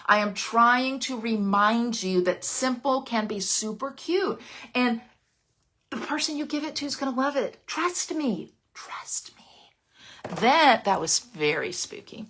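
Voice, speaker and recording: A woman leading a casual live papercraft demo, chatty, playful and excitable, often dropping into gushing whispers. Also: fairly high pitch, unhurried. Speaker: papercraft demonstrator.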